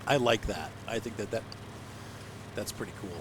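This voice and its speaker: A man's voice: lowish voice, moderate pace, noisy background. A man giving casual, self-mocking commentary while playing a farming game, chatting and laughing at his own mistakes. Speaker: let's play host.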